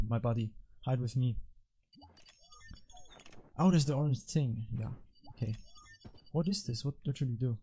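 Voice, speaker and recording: A man with a soft, mellow voice giving casual gameplay commentary. He rambles, mocks himself and breaks into exasperated outbursts, with a faint hiss behind him. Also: medium pitch. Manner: rambling, self-mocking, frequent exasperated outbursts at teammates. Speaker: gaming channel host.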